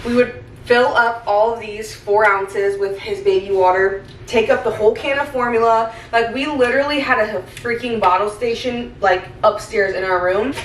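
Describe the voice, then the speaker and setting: A woman's voice: a little high, normal speed, distant mic. A young woman, a stay-at-home mom, talking candidly to her camera in a casual vlog, rambling and full of "like" fillers. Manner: rambling, candid, heavy use of "like". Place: home kitchen. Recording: roomy, off-mic, faint hiss.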